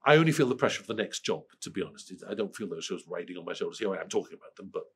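A middle-aged Welsh man with a cold, answering interview questions in a lively way, often restarting and repeating words. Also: low voice, very fast, husky. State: has a cold. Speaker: screenwriter interviewee.

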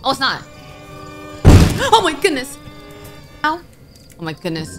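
A woman's voice: sits high, big pitch swings, measured pace, pauses often. A woman giving let's-play commentary, jumpy and flustered. She keeps crying out in alarm and pleads with the game under pressure. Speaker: gaming YouTuber. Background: game music.

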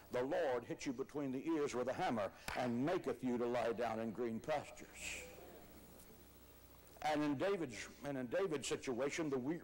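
An older man preaching a sermon as pastor, emphatic, rising to shouts on key words. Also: medium pitch, slight background noise, low-quality recording.

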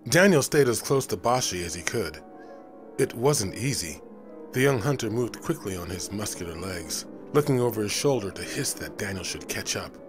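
A man narrating a novel in a steady, even storytelling style, over faint music. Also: lowish voice, normal speed. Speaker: audiobook narrator.

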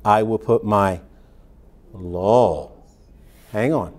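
Low, mellow-voiced man teaching scripture. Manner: reads scripture slowly, then explains in plain, conversational asides. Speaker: pastor. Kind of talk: Bible teaching sermon.

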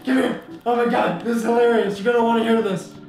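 A man with a high voice is recording a comedic VR let's play, brash, loud and trash-talking. His voice rings around a very echoey room. Faint music plays underneath. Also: level tone, fast talker. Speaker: gamer.

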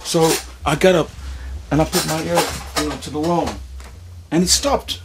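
A man in an interview telling a story in a casual, animated way, with stammering restarts, frequent swearing and laughter. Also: a little high, normal speed, noisy background. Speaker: musician interview guest.

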